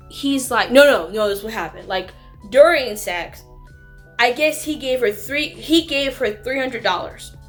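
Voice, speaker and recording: A woman's voice: a little high, a bit bright. Chatty woman retelling a movie. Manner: chatty, filler-heavy retelling with sassy asides. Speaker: movie reviewer. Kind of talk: casual movie review vlog. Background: faint background music.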